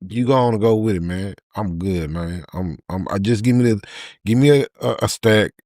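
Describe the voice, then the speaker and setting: A man's voice: fairly low pitch, moderate pace, dry recording, studio quality. A middle-aged man, telling his story in an interview and acting out the voices of people in it. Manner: animated retelling, acts out quoted voices. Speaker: podcast guest.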